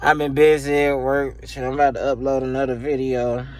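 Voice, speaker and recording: A man's voice: medium pitch, flat delivery, a little fast. A man ranting casually and profanely to camera about video games, laughing often, recorded on a phone. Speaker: gaming YouTuber.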